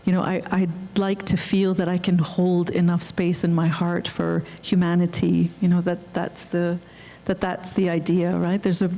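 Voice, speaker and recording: A woman speaking as a film director on a panel, earnest and halting, with frequent restarts. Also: fairly low pitch, warm tone. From Canada. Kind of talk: reflective panel talk. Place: auditorium.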